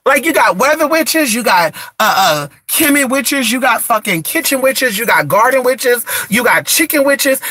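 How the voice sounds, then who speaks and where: A woman who does spiritual candle services, talking in a blunt, profane rant, her voice raspy from just waking up. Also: on the high side, animated, normal speed, few pauses, sharp tone, dry recording. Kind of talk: casual rant to camera.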